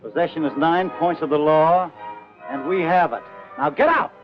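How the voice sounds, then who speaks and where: A man playing a gruff outlaw claim-jumper. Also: on the high side, moderate pace, lightly acted. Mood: threatening. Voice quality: gruff, threatening. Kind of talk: 1940s film serial acting. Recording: muffled old film soundtrack with music.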